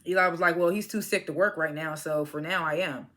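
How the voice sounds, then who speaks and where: A TV episode reviewer recaps a drama in a loose, casual vlog, speaking fairly quickly. Her slightly low voice sounds bright and forward as she animatedly retells events, acts out characters' lines and laughs often.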